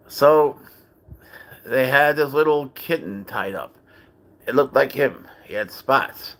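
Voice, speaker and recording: A man's voice: mid-range voice, slow pace, pauses often, a bit bright. A man hosting a casual livestream, telling a long rambling story in a chatty, profane way and greeting viewers. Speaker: livestream host and cat owner.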